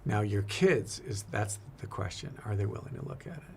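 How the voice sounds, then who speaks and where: Gravelly, earnest priest. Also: male voice, lowish voice, animated, moderate pace, slight background noise. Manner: earnest, reflective, repeats words often. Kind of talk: casual faith conversation.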